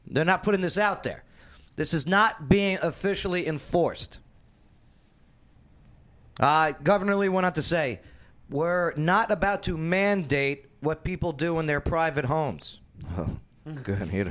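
A man hosting a casual opinion talk show, blunt and jokey, animated and fond of asides. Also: a little high.

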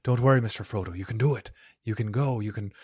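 A man's voice: lowish voice, quick pace, slightly rough, no room sound, clean studio sound. A man doing an impression of a loyal, earnest hobbit gardener, cheering someone on. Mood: encouraging. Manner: encouraging, gently urging.

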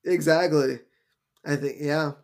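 Guy cohosting a podcast, bit higher voice, rambly and full of uhs. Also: steady tone, slow pace, darkish tone. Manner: rambling, filler-heavy retelling of scenes. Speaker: podcast co-host. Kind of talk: casual chat.

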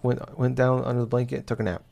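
A young man chatting casually on a podcast, telling a story in a halting, rambling way full of restarts and fillers. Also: medium pitch, level tone, vocal fry, crowd noise.

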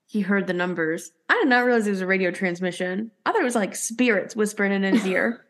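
A woman's voice: medium pitch, fast talker, fairly bright tone. A woman in casual podcast chat, playful and teasing, giggling often.

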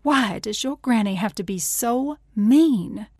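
A woman voicing a young girl with a breathy, pressing voice, hurt and defiant. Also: on the high side, animated, slow, dry recording, studio quality, heavily acted. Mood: upset.

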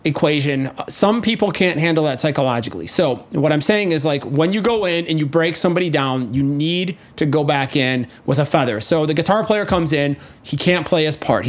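Middle-aged male producer-host, blunt and profane, voice sits a bit high, acts out rants. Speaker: music producer and show host. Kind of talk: casual talk to camera.

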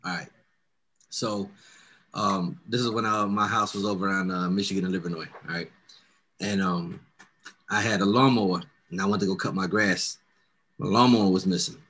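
A young man hosting a casual chat, telling a profane story and loudly acting out what everyone said. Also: low voice, normal speed, pauses often. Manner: profane, animated storyteller, acts out quotes loudly.

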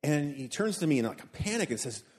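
A man with a fairly high voice tells a funny story in front of a live audience, acting out everyone he quotes. His delivery is animated, jumping between his own telling and the voices of other people. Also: fast talker, breathy edge. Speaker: podcast panelist telling a story. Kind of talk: live podcast storytelling on stage. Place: hotel event room with a live audience.

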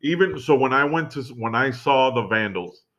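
A man from Miami co-hosting a podcast, relaxed, swearing freely as he reminisces. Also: medium pitch, moderate pace. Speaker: podcast co-host. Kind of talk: casual chat. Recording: dull lo-fi recording.

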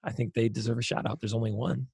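Pastor guy cohosting a podcast, gravelly husky voice, dry close mic. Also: medium pitch, fairly even intonation, quick pace, a little mellow, no room sound. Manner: joking, rambling sign-off. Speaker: podcast co-host; lead pastor. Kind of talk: casual chat.

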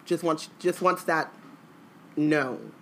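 A woman's voice: deep voice, steady tone, slow pace, a bit bright, a little hiss or hum. A woman co-hosting a casual podcast, joking and reading a book aloud. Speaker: podcast co-host.

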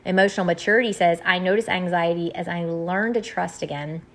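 A woman leading a group, reading through graphics and explaining them in a gentle, earnest way. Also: on the low side, steady tone, fairly quick.

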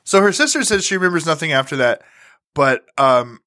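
A man's voice: on the high side, expressive, fairly quick, pushed and bright. A man co-hosting a casual podcast, retelling an alien encounter story with swearing and laughter. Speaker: podcast co-host.

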